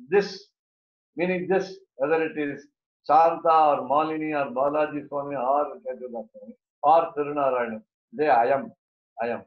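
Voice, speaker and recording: Man teaching grammar, roomy lo-fi sound. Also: fairly high pitch. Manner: halting, many "uh" fillers and repeats. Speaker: teacher of scripture. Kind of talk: explaining Sanskrit grammar in a class. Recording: roomy, dull lo-fi audio.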